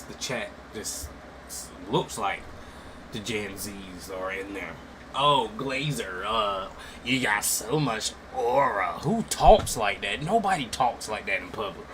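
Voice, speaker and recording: A man giving casual, mocking commentary, swinging from loud outbursts to low mutters. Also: noisy background.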